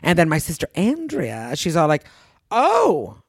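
A woman casually telling a family story, acting out relatives with bursts of high, put-on voices. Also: wildly swooping pitch, moderate pace, a little mellow, no echo. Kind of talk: casual chat.

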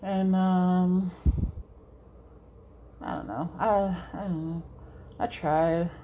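A woman's voice: fairly low pitch, steady tone, drawn-out words, phone-quality sound, a little hiss or hum. A young woman hosting a solo podcast, rambling casually, swearing freely and laughing often. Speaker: podcast host.

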